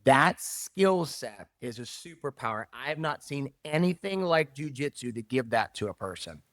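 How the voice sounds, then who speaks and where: A middle-aged man speaks in an emphatic, animated way, driving his points home and repeating key phrases. His voice sits in a middle pitch. It is recorded close and dry, with no room sound. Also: normal speed, no echo. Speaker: jiu-jitsu academy owner, podcast guest. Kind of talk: casual interview talk.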